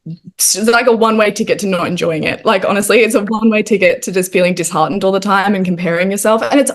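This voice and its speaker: A young Australian woman talks as a guest on a podcast over a video call. She gushes eagerly and fills her sentences with "like". Her voice sits at an ordinary middle pitch. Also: quick pace. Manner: gushing, upbeat, heavy use of "like". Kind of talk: casual chat.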